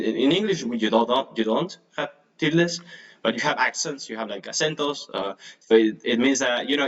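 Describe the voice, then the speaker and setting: A man's voice: mid-range voice, a bit bright, lo-fi sound. Chatty man teaching. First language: Spanish. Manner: chatty, filler-heavy, laughs nervously. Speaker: English teacher. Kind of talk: casual online lesson. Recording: distant mic, degraded audio.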